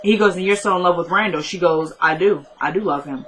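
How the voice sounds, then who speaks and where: On a low-quality recording, a woman with a fairly low voice talks quickly as she recaps a TV episode. She retells each scene as quoted back-and-forth dialogue, her storytelling loose and full of fillers.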